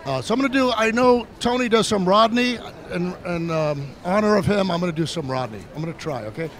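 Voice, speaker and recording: A man's voice: high-pitched, expressive, brisk, fairly bright tone. A middle-aged man from New City, a comedian firing off punchy one-liners and chuckling at his own jokes. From New York City. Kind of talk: stand-up comedy set. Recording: live set with a noisy crowd.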